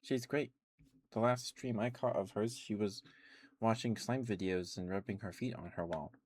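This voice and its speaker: A man doing soft-spoken ASMR on a stream, chatting relaxed while eating candy into a close mic. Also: lowish voice, moderate pace, no room sound.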